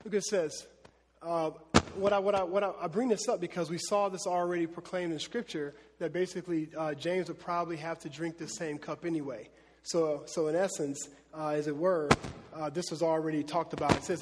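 A man preaching a casual Bible lesson, chatty and animated, with many fillers. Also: fairly high pitch, brisk, in a large hall.

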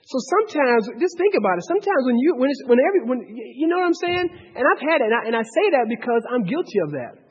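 A man leading a Bible study, talking in an animated way, with many restarts and rhetorical questions. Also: very high voice, fast, breathy edge. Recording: dull, echoey hall recording.

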